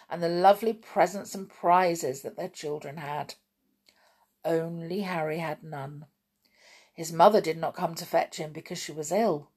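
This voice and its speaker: A woman reading a children's story aloud, gently and expressively. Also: fairly low pitch.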